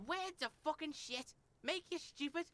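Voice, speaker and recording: A man's voice: very high voice, normal speed, bright, forceful tone, voice pushed up. A man voicing a foul-mouthed, boastful young boy from a video game who swears constantly and talks about himself in the third person. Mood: scornful. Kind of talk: reading video game dialogue aloud.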